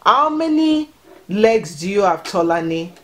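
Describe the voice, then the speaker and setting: A woman's voice: medium pitch, big pitch swings, measured pace. A woman teaching words to children at home, patient and encouraging, prompting and repeating each word. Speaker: vlogger teaching Yoruba to children. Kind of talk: home language lesson.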